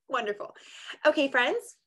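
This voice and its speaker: A woman running an online small-group lesson for little kids. Her voice is fairly high and lively, rising and falling a lot. She talks in a slow, exaggerated, encouraging teacher way, stretching out words as she claps syllables. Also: a little hiss or hum. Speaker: kindergarten teacher.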